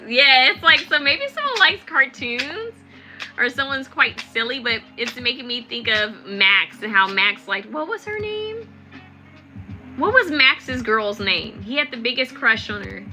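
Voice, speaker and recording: A woman's voice: on the high side, sing-song, moderate pace, pushed and bright, soft background music, poor audio. A young adult woman giving a chatty, rambling live tarot reading with lots of fillers. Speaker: tarot reader.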